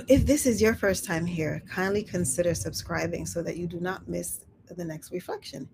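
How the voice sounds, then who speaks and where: A woman hosting a live reflective talk, speaking softly and thoughtfully, with small laughs between her thoughts. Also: on the low side, animated, normal speed, creaky, background noise. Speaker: host.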